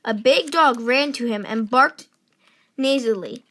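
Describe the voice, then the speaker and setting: A woman reading a children's picture book aloud, slow, gentle and expressive. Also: fairly high pitch. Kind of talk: read-aloud storybook narration.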